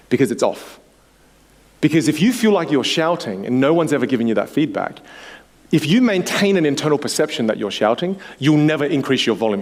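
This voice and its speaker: A man coaching participants at a workshop, animated and acting out the voices he quotes. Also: a little high. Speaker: communication coach. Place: workshop room.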